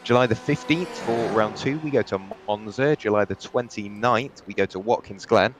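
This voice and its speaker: A man's voice: on the low side, normal speed, a little hiss or hum. A young man doing live sim racing commentary, chatty and rambling, with frequent restarts and asides.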